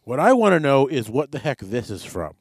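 A man's voice: medium pitch, very animated, brisk. A man hosting a podcast in casual chat, rambling and offhand with jokes. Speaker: podcast host.

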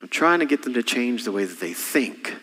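A middle-aged man preaching a sermon as senior pastor, impassioned, with sudden soft drops. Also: medium pitch, sing-song, brisk, big-room sound.

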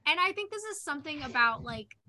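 A woman's voice: high voice, lively intonation, fairly quick, sharp tone. A woman co-hosting a podcast, talking through a character's feelings in casual chat with many fillers. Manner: thoughtful, filler-heavy analysis. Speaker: podcast co-host. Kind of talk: casual discussion.

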